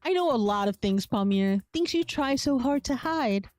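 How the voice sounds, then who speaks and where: A woman's voice: fairly high pitch, lively intonation, normal speed, darkish tone, faint music behind, natural voice. A woman voicing Mister Dietrich, a greedy scheming male sorcerer-shopkeeper who threatens and curses, from a game. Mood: cold menace. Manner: smug, threatening, cursing.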